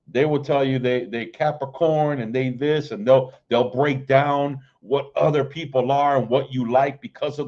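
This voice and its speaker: A man preaching an informal livestream sermon, repeating "man" and "right?" between phrases and reading scripture in a drawn-out way. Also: mid-range voice, warm tone, highs cut off. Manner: repeats "man" and "right?", stammers and restarts, slow KJV reading. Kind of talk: informal street-style sermon.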